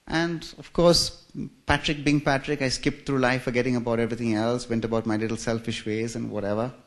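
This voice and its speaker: Chuckling and poking fun at himself, an Indian man recounts his life story in a church. He speaks fairly quickly in a mid-range voice with flat delivery.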